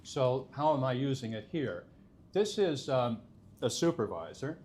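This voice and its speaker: A man's voice: mid-range voice, very animated, unhurried, darkish tone, a little hiss or hum. A man presenting a technical conference talk, explaining step by step with frequent filler sounds. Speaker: conference speaker.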